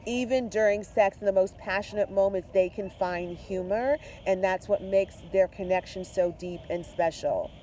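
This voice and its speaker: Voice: mid-range voice, steady tone, moderate pace, hardly any pauses, dark tone, slight background noise. A tarot reader chatting to viewers while reading the cards, effusive and direct, mixing spiritual talk with slang and swearing. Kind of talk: casual tarot reading to camera.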